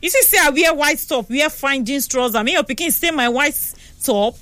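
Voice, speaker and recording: A woman's voice: sits high, normal speed, fairly bright tone, no echo, voice pushed up. A Nigerian woman voicing a rude young woman who refuses to give up her seat, speaking in an indignant, snappish way.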